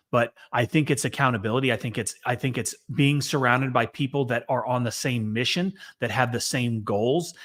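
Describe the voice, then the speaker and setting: An earnest man co-hosts a casual business podcast, talking through advice in a steady way. His voice sits at a middle pitch for a man. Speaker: co-host, business coach.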